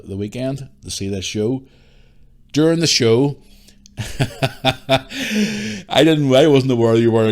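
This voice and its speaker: A Northern Irish man hosting a podcast, telling a long anecdote casually and swearing freely. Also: on the low side. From Northern Ireland. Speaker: podcast host. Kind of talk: casual storytelling.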